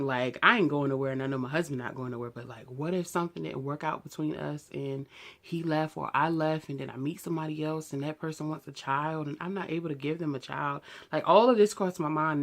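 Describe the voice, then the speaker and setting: A woman in her thirties, telling her own story to the camera in a raw, emotional and outspoken way, in loose casual speech. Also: deep voice. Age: 30s. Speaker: vlogger. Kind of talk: candid personal story to camera.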